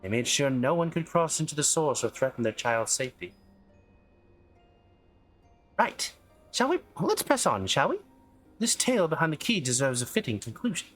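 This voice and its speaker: An earnest young woman investigator speaks in a raised, measured voice, as a man reads her lines from a game. Her delivery is careful and sincere, set over faint game music. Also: on the high side, very animated, a bit bright, voice pushed up. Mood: reassuring. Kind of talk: reading game dialogue aloud.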